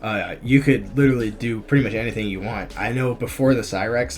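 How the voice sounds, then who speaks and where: A man's voice: lowish voice, fairly quick. A young man giving casual, chatty commentary for his gaming channel, full of ums and restarts as he ranks characters. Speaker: gaming YouTuber. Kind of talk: casual commentary on a fighting game tier list. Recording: faint music behind the voice.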